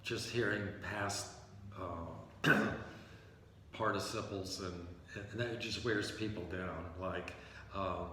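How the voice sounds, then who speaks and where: A low-voiced man talks as an interview guest about writing and editing. He explains his points with short acted-out example sentences. He sounds set back from the mic in an echoey room with a long reverb tail and faint hiss. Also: steady tone, takes it slowly, bright, forceful tone, recorded from a distance. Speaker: novelist and playwright guest. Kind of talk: conversational interview.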